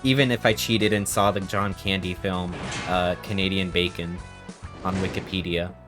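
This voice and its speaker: A young man in his twenties streaming a trivia game, thinking aloud and reacting in excited bursts. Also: sits low, normal speed, over music. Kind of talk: live-stream gameplay commentary.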